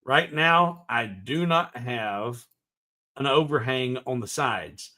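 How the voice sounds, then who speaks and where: A man with a mid-range, sharp-toned voice talks slowly while hosting a woodworking livestream in his workshop. Folksy and loose, he hums to himself during the work and reads viewer comments aloud, replying in casual live tutorial chat.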